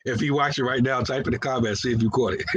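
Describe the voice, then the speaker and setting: A man's voice: mid-range voice, background noise. A man co-hosting a casual religious discussion, teasing and laughing often and putting on voices when he quotes people. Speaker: co-host.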